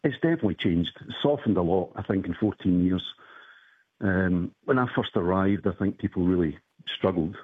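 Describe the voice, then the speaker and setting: A male caller on a radio show who talks about his work in a hesitant, measured way. His voice is very low and husky. It comes through a dry, phone-like line. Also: dry recording. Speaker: caller, a teacher. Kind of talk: casual radio call-in chat.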